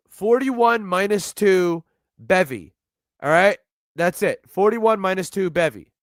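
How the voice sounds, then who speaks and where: A man's voice: high voice, slow pace, dry recording, clean studio sound. A man with a New York accent giving sardonic, profane live commentary on a video he is watching. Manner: sardonic, profane, rambling asides. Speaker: streamer reacting to a video.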